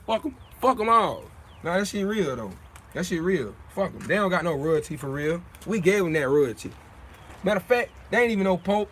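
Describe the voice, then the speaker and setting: A man's voice: high-pitched, fairly bright tone. A young man hosting a casual livestream, talking in streetwise slang in a preachy way, often repeating his points. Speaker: livestream host.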